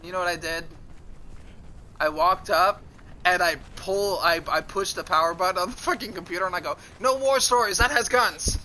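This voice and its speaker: Bright high-voiced man ranting casually. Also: brisk, slight background noise, poor audio. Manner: profane, rambling, exasperated storytelling. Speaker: streamer. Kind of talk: casual livestream storytelling.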